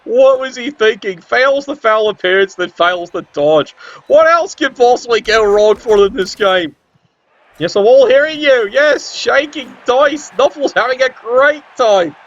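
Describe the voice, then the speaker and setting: Man, game commentary, sarcastic, excitable, high voice, muffled recording. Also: measured pace. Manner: sarcastic, excitable, swears often. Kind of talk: tabletop video game commentary.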